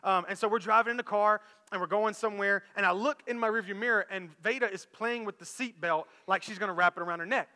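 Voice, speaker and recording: A man in his thirties, a pastor preaching a sermon, telling a lively story to his church. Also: sits high, fast talker, long reverb tail. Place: church auditorium.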